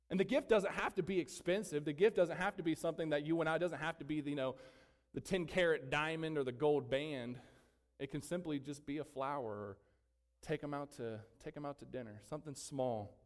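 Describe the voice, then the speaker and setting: Male pastor, emphatic sermon delivery with a slightly high voice, long church reverb. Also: a little fast. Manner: emphatic preaching with rhetorical questions. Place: church sanctuary.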